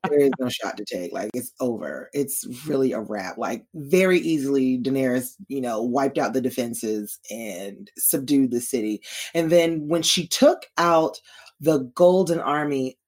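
A woman's voice: very deep voice, measured pace. A woman in casual chat recapping a TV episode, swearing freely and acting out characters' lines. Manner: animated, profane, acts out characters in quoted voices. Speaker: TV show recap co-host.

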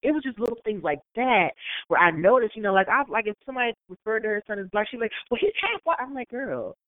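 A woman in casual podcast chat, telling stories and acting out what others said in put-on voices. The sound is dry and tinny, like a phone line. Her pitch sits in the middle range. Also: fast talker, no echo. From Maryland, USA. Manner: animated storyteller who acts out quotes in other voices.

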